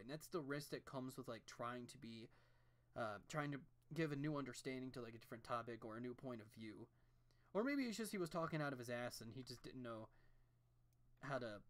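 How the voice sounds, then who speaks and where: An art streamer who chats while drawing at home on a desk mic, rambling and ranting with plenty of swearing and restarts. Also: medium pitch.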